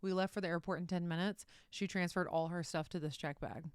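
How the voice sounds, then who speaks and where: A woman's voice: lowish voice, fairly even intonation, brisk, clean tone, dry recording, studio quality. A young woman, co-hosting a casual podcast chat in a bubbly, chatty way. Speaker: podcast co-host. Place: hotel room floor.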